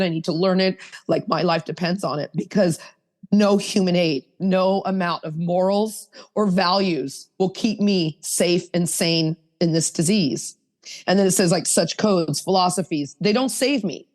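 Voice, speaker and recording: A woman in her fifties sharing her own story at a recovery roundtable, speaking in an earnest, rambling way and correcting herself as she goes. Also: mid-range voice. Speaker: recovery meeting participant.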